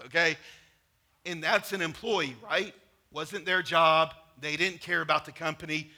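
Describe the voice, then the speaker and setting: A man's voice: fairly high pitch, fairly even intonation, unhurried, gravelly, bright, forceful tone. A middle-aged man preaching a sermon, talking to the congregation conversationally and telling personal stories. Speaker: pastor.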